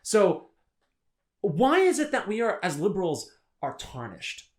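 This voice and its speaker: A young man co-hosting a podcast, making political points in an animated, argumentative way and laughing often. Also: high voice, unhurried. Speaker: podcast co-host. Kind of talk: casual political talk.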